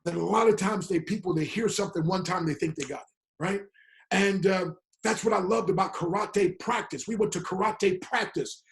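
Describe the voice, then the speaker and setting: A man's voice: high-pitched, moderate pace, creaky. A man giving a fiery motivational talk in a preaching style, quoting scripture and repeating lines with emphasis. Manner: emphatic, repetitive, quotes scripture, frequent "my friend". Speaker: motivational speaker.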